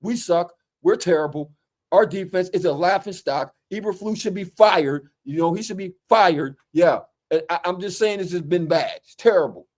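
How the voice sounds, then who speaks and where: A man in a casual sports rant, animated and exasperated, tagging his points with "okay". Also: sits high, moderate pace. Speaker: football fan commentator.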